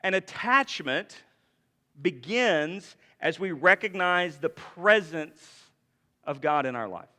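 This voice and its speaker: Male pastor, bright and forceful tone, chatty sermon delivery, long church reverb. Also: fairly high pitch, lively intonation, takes it slowly. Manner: conversational preaching with frequent rhetorical questions. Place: church sanctuary.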